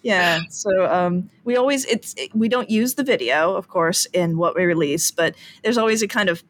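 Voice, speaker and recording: A woman's voice: fairly low pitch, moderate pace, slight background noise. A woman from the American Midwest with a neutral Midwestern accent, co-hosting a podcast in an easygoing, friendly way. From Midwest, United States. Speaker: podcast co-host. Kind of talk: casual podcast chat.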